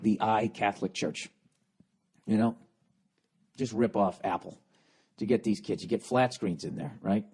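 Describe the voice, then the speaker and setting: A man's voice: medium pitch, a little mellow, breathy edge. A man hosting a comedy podcast, riffing in a profane, rambling rant. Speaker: podcast host.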